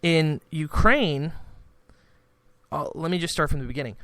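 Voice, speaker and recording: A man's voice: a little high, very fast, creaky, a bit bright, no echo. A man hosting a podcast, rambling through casual political commentary with frequent restarts. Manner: rambling, restarts, acts out quoted exchanges. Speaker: podcast host.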